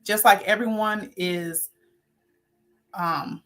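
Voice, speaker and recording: A woman's voice: mid-range voice, fairly even intonation, slow. A woman hosting a spiritual talk show, speaking loosely, often correcting herself and laughing lightly at her slips. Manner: warm, rambling, self-correcting with little laughs. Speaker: host.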